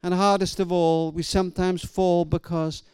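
A middle-aged man preaching a sermon, telling stories and swinging between raised and hushed delivery. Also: high voice, level tone, moderate pace, smooth, no room sound. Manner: storytelling, swings from loud to hushed. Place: church hall or event venue.

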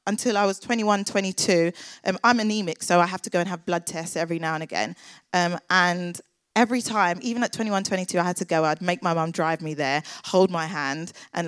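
A woman's voice: fairly low pitch, clean tone, no room sound. Earnest young woman giving testimony. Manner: earnest, chatty, lots of filler "like"s. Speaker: church worker sharing testimony. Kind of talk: personal faith testimony.

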